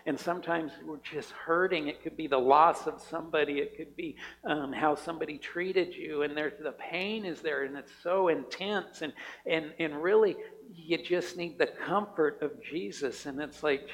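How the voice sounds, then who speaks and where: A man's voice: on the high side, moderate pace, a bit bright, long reverb tail, low-quality recording. A man preaching a sermon in a conversational way, often repeating words and asking his listeners "right?". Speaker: pastor.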